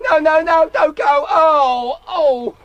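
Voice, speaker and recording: A man's voice: very high-pitched, steady tone, takes it slowly, fairly bright tone, highs cut off, voice pushed up, full character voice. A man voicing a stranded castaway who is going silly on his island, fussy and exclaiming, on a hissy old cassette tape. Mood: forlorn. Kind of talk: radio comedy sketch.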